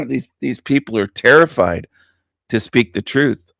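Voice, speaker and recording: A male radio host in a forceful monologue, hammering his points by repeating them and chuckling between lines. His voice sits at an ordinary middle pitch. The sound is close and dry, with no room around it. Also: expressive, takes it slowly, gravelly, no room sound. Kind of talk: opinionated monologue.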